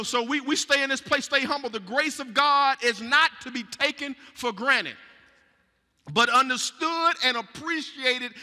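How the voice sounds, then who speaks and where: Male preacher, fiery, very bright piercing tone, shouts then hushes, asks for amens. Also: very high-pitched. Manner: impassioned, swings from shouting to hushed, calls for amens. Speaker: pastor. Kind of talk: sermon. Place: church sanctuary. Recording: echoey church sanctuary.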